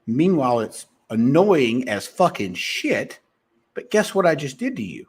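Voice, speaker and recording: Husky guy coaching sales, talks fast and all over the place, pitch swinging way up and down. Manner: fast-talking, animated, rambling with restarts. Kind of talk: motivational monologue to viewers.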